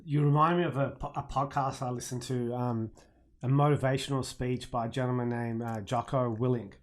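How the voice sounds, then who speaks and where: A man hosts a casual interview chat in a mid-pitched voice. He talks haltingly, restarting his sentences and filling the gaps with fillers. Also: steady tone. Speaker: host.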